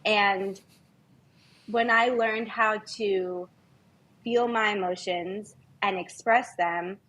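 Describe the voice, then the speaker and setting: A woman guest on a podcast, speaking in an earnest, heartfelt, measured way in casual conversation. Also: mid-range voice, steady tone, fairly bright tone, a little hiss or hum, rough recording.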